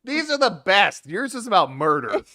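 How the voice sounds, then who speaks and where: A man co-hosting a podcast, talking in an animated, playful, joking way. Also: high-pitched, moderate pace, dry recording, clean studio sound. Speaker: podcast co-host. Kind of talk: casual joking chat.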